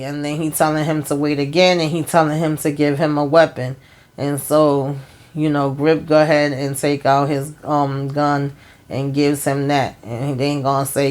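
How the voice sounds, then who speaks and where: A woman's voice: sits low, little pitch movement, unhurried, a little mellow. Woman host, conversational recap vlog, retells scenes as dialogue, colloquial and exclamatory. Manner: colloquial, frequent fillers. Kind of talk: casual episode recap.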